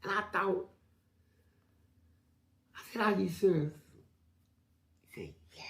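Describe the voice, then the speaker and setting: Speaking a bit slowly with a gravelly voice and frequent pauses, this man is a guest in an interview, recounting tales in foul-mouthed street slang. He acts out each quote with big pitch swings, full of energy, and the sound is reverberant.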